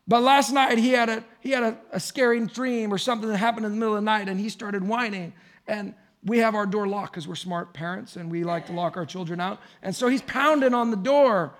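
A man's voice: high-pitched, a little fast, a bit bright. A man in his thirties preaching a sermon to his congregation in a conversational way, building to emphatic points. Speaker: pastor.

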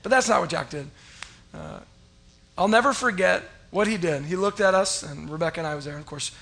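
A middle-aged man preaching a sermon as a pastor, telling stories and acting out his past self with loud, rising cries. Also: high-pitched, animated, brisk, gravelly.

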